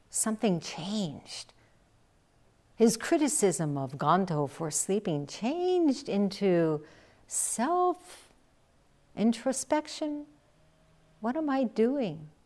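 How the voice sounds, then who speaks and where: Slow, animated woman giving a dharma talk. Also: mid-range voice. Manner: slow, reflective storytelling with acted-out quotes. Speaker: Zen teacher.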